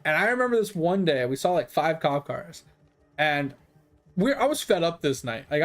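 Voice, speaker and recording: A man streaming games, telling rambling, laid-back stories with casual swearing. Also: on the high side. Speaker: game streamer. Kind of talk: casual storytelling while gaming.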